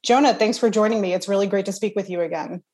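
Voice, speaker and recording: A woman hosts a podcast. She reads a scripted introduction and asks interview questions in a clear, even, measured tone. Her voice sits at a mid pitch. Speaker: podcast host.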